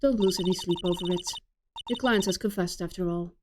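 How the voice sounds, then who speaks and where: A woman's voice: fairly low pitch, brisk, background noise, voice pushed down, lightly acted. A woman voicing a stern female prosecutor, curt and dismissive. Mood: cold. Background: game music.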